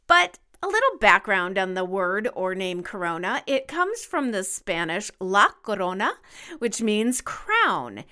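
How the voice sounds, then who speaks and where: A woman's voice: mid-range voice, pushed and bright. A woman co-hosting a podcast, chatting casually in a playful, emphatic way. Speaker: podcast co-host.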